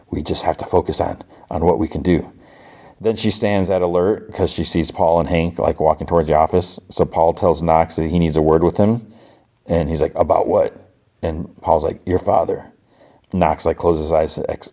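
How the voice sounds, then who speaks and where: A man hosting a podcast, casually retelling TV scenes with lots of fillers and lightly acted quotes. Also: deep voice. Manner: retells dialogue with fillers, softened swears, rising when quoting angry lines. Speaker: podcast host recapping a TV show.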